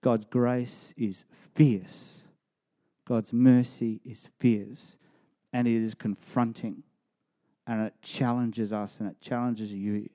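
Brief: a male preacher in mid-sermon, emphatic and lively. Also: medium pitch, takes it slowly. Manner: emphatic, rising to animated storytelling.

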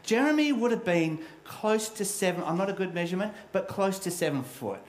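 A man's voice: sits high, lively intonation, a little fast, reverberant, low-quality recording. A middle-aged man preaching a sermon as a pastor, telling a personal story in a candid, self-deprecating way.

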